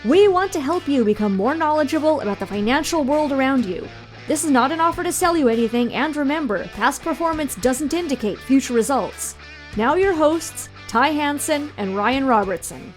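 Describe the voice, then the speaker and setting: High-voiced woman reading a podcast intro. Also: expressive, moderate pace. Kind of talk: scripted announcement with disclaimer. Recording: intro read over guitar music.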